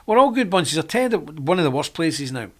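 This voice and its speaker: A middle-aged man hosts a live stream and talks on in a loose, rambling way. His voice sits a little high for a man, and he laughs often between his points. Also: big pitch swings, fairly quick, a bit bright. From Britain. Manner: rambling, chatty, frequent laughs. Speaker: host.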